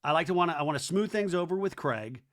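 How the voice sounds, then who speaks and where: A man quoting a flustered adult man who pleads in hurried repetitions. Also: fairly high pitch, animated, close to an everyday voice. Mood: placating.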